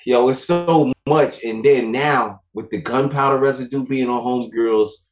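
A man's voice: mid-range voice, a little slow, lo-fi sound. Joking man on a casual podcast. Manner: joking, slangy. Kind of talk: casual chat.

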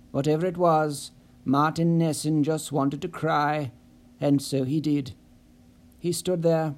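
A man reading a novel aloud in a measured, storytelling manner. His voice is mellow and sits a little high. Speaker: audiobook narrator. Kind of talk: scripted narration.

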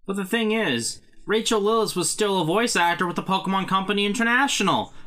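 A man co-hosting a podcast in casual chat, animated, with swearing and goofy mock threats. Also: sits high, a little fast. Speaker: podcast co-host.

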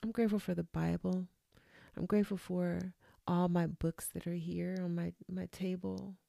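Woman, low gravelly voice, motivational gratitude vlog, repetitive affirmations, dry close sound. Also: little pitch movement, moderate pace, warm tone, dry recording. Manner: repetitive, affirming, with chatty asides. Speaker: vlogger. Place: room at home.

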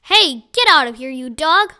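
Woman doing a frantic shouting junkman. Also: sits high, lively intonation, moderate pace, exaggerated voice. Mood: angry yelling. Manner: yelling, frantic. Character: shouting crazed male junk collector.

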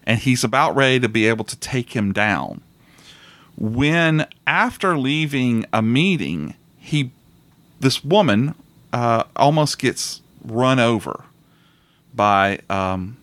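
A man hosts a relaxed movie podcast, rambling through his points with restarts and frequent laughs. His voice sits at a middle pitch. The sound is dry and close. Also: slow pace, no echo. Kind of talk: casual chat about movies.

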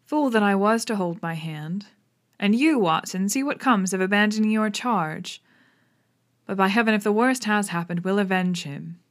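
A woman's voice: mid-range voice, normal speed, close to an everyday voice. A woman reading the lines of an intense, commanding male Victorian detective, grave and clipped. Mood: urgent.

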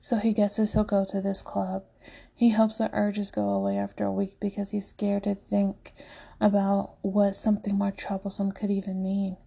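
A woman reading a story aloud in a hushed, often half-whispered delivery. Her voice is heavily gravelly, dark and husky. She keeps the tone flat and even throughout. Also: mid-range voice, normal speed. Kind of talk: story narration.

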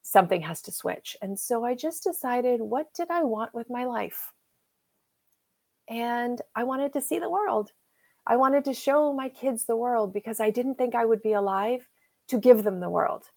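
This interview guest, a woman in her fifties, speaks a little slowly in a fairly high voice. She recounts a personal story emotionally and animatedly, acting out the things people said to her.

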